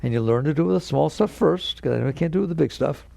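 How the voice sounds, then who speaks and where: A man with a gravelly, slightly high voice leads a spiritual lecture, leaning hard on repeated key words. He slips into little acted voices and chuckles as he explains. The sound is close and dry. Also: rapid-fire, warm tone, no echo. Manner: acts out inner voices in quotes. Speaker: spiritual teacher.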